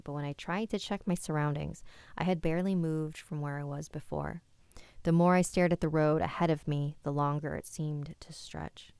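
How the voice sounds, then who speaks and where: A woman hosting a live stream, reading listener stories and chatting calmly with her chat. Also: low-pitched, smooth, no echo. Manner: calm, conversational reading with soft asides.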